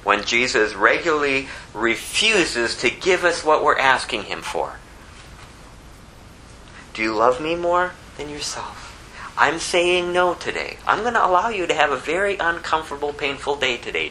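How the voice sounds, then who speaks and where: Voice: mid-range voice, sing-song, normal speed, sharp tone, slight background noise, rough recording. An American preacher delivering a sermon in an emphatic way, full of rhetorical questions. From United States.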